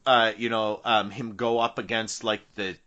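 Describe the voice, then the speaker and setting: A man co-hosting a podcast in casual chat about a TV movie, talking haltingly with restarts. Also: on the low side, level tone, pushed and bright, lo-fi sound. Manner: halting, with restarts and "you know". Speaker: podcast co-host.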